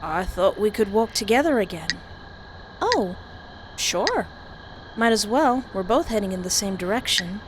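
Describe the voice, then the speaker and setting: A woman's voice: mid-range voice, a little slow, pauses often. A woman reading a horror visual novel aloud with commentary, reacting dramatically and laughing often. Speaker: game streamer. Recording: steady background hiss.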